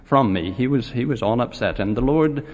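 Brief: male scripture teacher, ordinary mid voice, hesitant delivery that livens up in the stories, long hall reverb. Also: medium pitch. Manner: halting, many filler pauses, grows animated when retelling stories. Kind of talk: classroom lecture on scripture.

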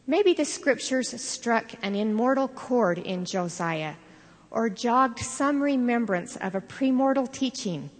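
An older woman giving a sermon, telling stories in an earnest, measured way. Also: on the high side, expressive. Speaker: devotional speaker. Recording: long reverb of a large hall.

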